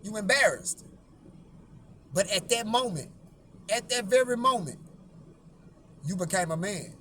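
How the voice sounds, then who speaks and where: A man's voice: high-pitched, animated, a little slow, sharp tone, a little hiss or hum. A man hosting his own channel, telling a long story in a blunt, profane way and often repeating himself. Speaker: YouTube host.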